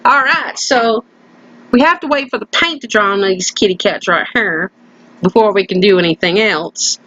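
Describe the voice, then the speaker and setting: A woman's voice: mid-range voice, a bit bright, lo-fi sound. A woman hosting a crafting video, chatting playfully as she works and often slipping into a put-on folksy country voice. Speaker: craft channel host. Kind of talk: casual crafting voice-over. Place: at home.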